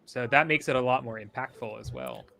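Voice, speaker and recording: A man's voice: mid-range voice, brisk, creaky, pushed and bright, a little hiss or hum. A man co-hosting a casual live stream chat, eagerly picking apart camera shots and staging in detail. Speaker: stream co-host.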